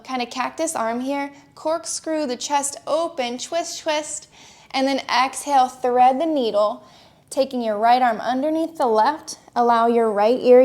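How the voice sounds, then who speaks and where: Woman, young adult, yoga instructor, slightly high-pitched, calm, encouraging, step-by-step cues. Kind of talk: guided yoga class cues.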